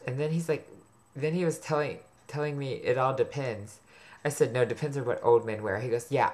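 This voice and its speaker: Man, vlogger, gossipy, sarcastic, swears a lot, rambling storytelling. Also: medium pitch. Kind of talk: rambling personal storytelling to camera.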